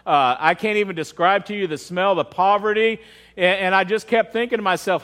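A high-pitched man gives a sermon at a church service. He talks to the congregation like friends, keeps asking them questions, and often repeats a word before a thought gets going. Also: fast talker, a bit bright. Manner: conversational, questions the audience often; repeats words as he starts sentences. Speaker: pastor.

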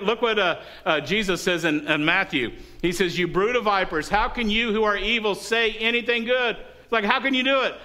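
A middle-aged man preaching a sermon in a church, telling stories and asking the congregation for responses. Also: high voice. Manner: lively storytelling, asks the congregation for responses. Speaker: pastor.

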